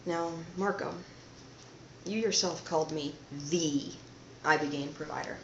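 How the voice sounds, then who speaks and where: A woman hosting her own channel, talking to camera in a soft-spoken, meandering, conspiratorial monologue. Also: low-pitched, unhurried, a little hiss or hum. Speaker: channel host. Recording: roomy, slightly dull home recording.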